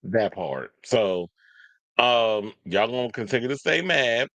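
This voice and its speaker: A man hosts a podcast with loose, rambling commentary, peppered with swearing and gossip. His voice is mid-pitched, and the recording is close and dry. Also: lively intonation, takes it slowly, bright, forceful tone, no echo, poor audio. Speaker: podcast host. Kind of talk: casual commentary.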